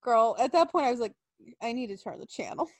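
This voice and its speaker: A woman co-hosting a casual chat, telling stories quickly with swearing and impressions. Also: a little high, no echo. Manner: animated, quick, profane storytelling with impressions. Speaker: podcast co-host.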